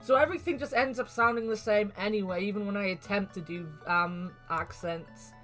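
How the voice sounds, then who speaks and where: A woman's voice: medium pitch, normal speed, faint music behind. Rambling woman streamer. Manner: rambling, animated storytelling. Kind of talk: casual game stream chat.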